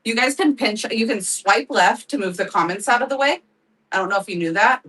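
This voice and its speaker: A woman's voice: a little high, lively intonation, brisk, fairly bright tone, distant mic, poor audio. A woman hosting a live craft sale, chatting casually, laughing often and thanking viewers by name. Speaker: live-selling crafts host. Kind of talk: casual livestream chat.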